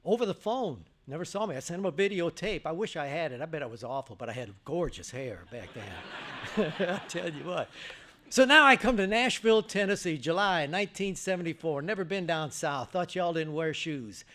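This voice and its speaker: An older man gives a banquet speech, his fairly high voice rising sharply whenever he acts out what someone said. He tells his stories with plenty of animation, stammering and restarting as he goes. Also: normal speed. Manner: animated storytelling, acts out quotes. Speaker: guest speaker. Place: church banquet hall.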